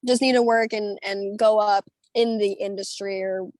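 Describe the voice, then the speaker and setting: A woman's voice: medium pitch, moderate pace, dry recording. A young woman from the United States, a singer telling stories in a chatty, rambling way over a video call, full of fillers and laughter. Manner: bubbly, animated, rambling with many fillers and laughs. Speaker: singer being interviewed.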